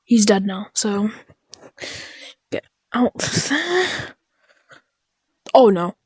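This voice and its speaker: A woman giving chaotic, dark-humored let's-play commentary, muttering and often dropping into whispers. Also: medium pitch, very animated, drawn-out words, slightly rough, no room sound, studio quality. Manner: drops into whispers. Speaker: gaming YouTuber.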